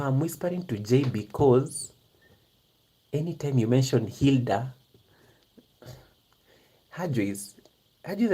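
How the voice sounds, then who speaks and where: A YouTuber chatting casually to a live-stream chat in a hushed half-whisper, giggling often and addressing viewers by name. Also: medium pitch, breathy edge. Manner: talks straight to viewers in the chat.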